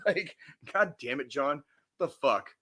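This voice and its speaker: Slow-paced yet pushed and bright, a fairly high-pitched podcast co-host rants with lively intonation. He's angry and swears constantly, repeating himself emphatically and restarting lines.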